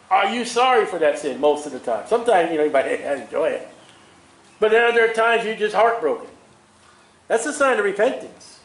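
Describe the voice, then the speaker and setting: A man preaching a sermon in an animated way, chuckling at his own asides. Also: sits high, reverberant, rough recording.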